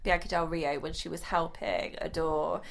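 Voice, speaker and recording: A woman, co-hosting a casual podcast chat. She is lively and giggly, and her voice swoops up when she is amused. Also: deep voice, moderate pace, creaky. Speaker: podcast co-host. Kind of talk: casual chat about a TV show.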